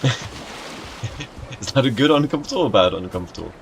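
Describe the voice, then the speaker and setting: A man's voice: medium pitch, animated, normal speed, creaky, soft background music. A young man chatting casually to his live chat as he streams a game, greeting viewers by name and joking around.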